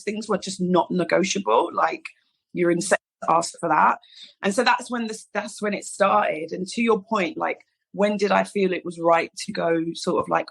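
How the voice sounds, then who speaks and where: A woman's voice: mid-range voice, vocal fry, fairly bright tone, breathy edge, low-quality recording. A woman in her thirties with a London accent, a salon founder telling stories in a casual interview and acting out the people she quotes. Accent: London English. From England. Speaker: guest, hairdresser and salon founder.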